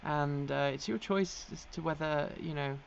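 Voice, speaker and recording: A woman's voice: low-pitched, normal speed, vocal fry, highs cut off, slight background noise. An Englishwoman hosting a casual live stream, chatting and reacting to viewer comments with many ums and frequent laughs, her accent sometimes slipping toward American. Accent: English, with occasional American slips. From England. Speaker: host of an electric vehicle news live stream.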